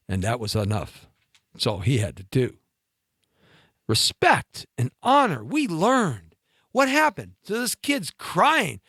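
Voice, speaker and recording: A talk-show host man delivers a comic rant, his voice swooping up and down in mockery. He sounds high and bright, with a sharp edge. The recording is close and dry. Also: no echo. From mixed Latin and Scottish-Irish heritage. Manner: animated, ranting, mocking with sudden pitch jumps. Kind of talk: comedic monologue rant.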